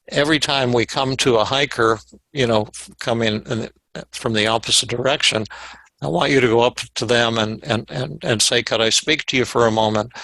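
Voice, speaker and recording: An older man, a psychiatrist, teaching a webinar through a case story, with halting speech and frequent repeated words. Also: mid-range voice, gravelly, bright, forceful tone, no echo, poor audio. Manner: halting, repeats words, acts out quoted dialogue.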